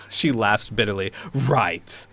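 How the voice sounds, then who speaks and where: A man narrating a tabletop role-playing game as game master, halting with many restarts. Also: medium pitch, lively intonation, fairly bright tone.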